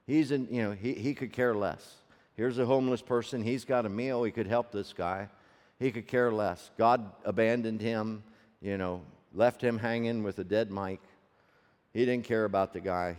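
A man preaching a sermon as a story, swinging from loud peaks to hushed low tones and asking the audience rhetorical questions. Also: moderate pace. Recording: long reverb of a large hall.

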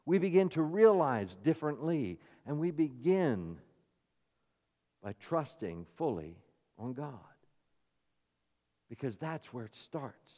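A man preaching a sermon as pastor, swinging between emphatic, rising passages and quieter asides. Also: fairly high pitch, very animated, slow, pauses often, long reverb tail, muffled recording.

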